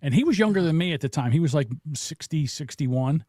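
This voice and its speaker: A man's voice: a little high, lively intonation, a little fast, mellow, no room sound, clean studio sound. A middle-aged man, co-hosting a casual podcast and telling jokey stories. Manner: storytelling, jokey. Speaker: podcast co-host. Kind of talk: casual chat.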